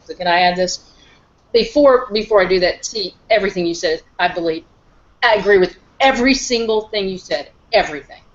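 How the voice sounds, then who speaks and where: A woman's voice: medium pitch, a little fast, highs cut off. A middle-aged woman chatting animatedly as a guest, addressing the others directly. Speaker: guest panelist, the host's mother. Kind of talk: casual discussion.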